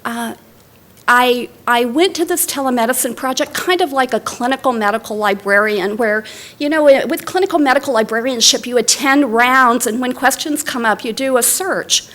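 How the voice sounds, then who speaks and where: A woman's voice: fairly high pitch, normal speed, fairly bright tone. A middle-aged woman giving a lecture as a library director, telling stories in a conversational way with fillers and restarts. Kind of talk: academic lecture with personal stories. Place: lecture hall.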